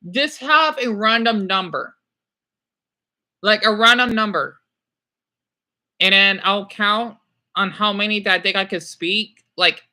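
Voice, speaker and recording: High and sharp-toned, this young man's voice carries a rambling, apologetic livestream chat. He stops often and leans on filler words as he talks to viewers.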